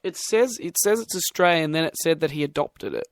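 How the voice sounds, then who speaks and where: A man's voice: on the high side, fairly quick, no echo. Joking young man hosting. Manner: joking, rambling, stumbles and repeats words. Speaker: podcast host. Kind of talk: casual comedic podcast chat.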